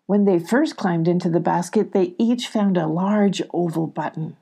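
Husky older woman reading children's story. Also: fairly low pitch, moderate pace. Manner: gentle, expressive storytelling. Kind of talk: children's audiobook narration.

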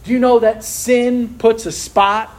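A man's voice: very high-pitched, flat delivery, a little slow, darkish tone. A man preaching a sermon to a congregation in a room, tossing rhetorical questions out for them to answer.

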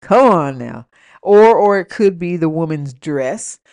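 A woman's voice: sits low, animated, unhurried, darkish tone, no echo. Blunt, profane woman podcaster ranting. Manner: blunt, profane, laughing asides. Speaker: podcast host. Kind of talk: casual rant and story time.

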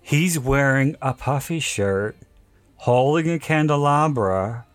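Slow-talking male podcast host, dry sound. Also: mid-range voice, expressive, no echo. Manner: chatty storyteller, laughs often. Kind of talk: casual chat.

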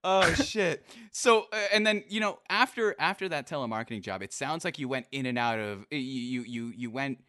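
A man's voice: mid-range voice, animated, normal speed, hardly any pauses, pushed and bright, no echo, clean studio sound. A man hosting a casual interview, laughing often and asking open, encouraging questions. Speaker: podcast host.

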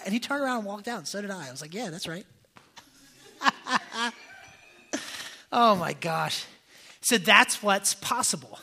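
Animated young preacher with a husky voice. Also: male voice, sits high. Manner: animated, conversational, many fillers and restarts. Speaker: pastor. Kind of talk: casual sermon storytelling.

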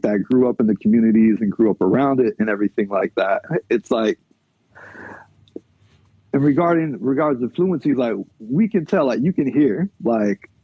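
A man's voice: fairly low pitch, breathy edge, no echo, dull audio. A man speaking as a podcast guest in a loose, chatty way, with lots of fillers and frequent laughter. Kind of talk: casual conversational interview.

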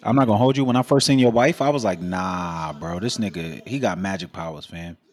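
A man's voice: low-pitched, fairly quick. A man in casual podcast banter, teasing his friends in heavy slang. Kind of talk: casual group chat.

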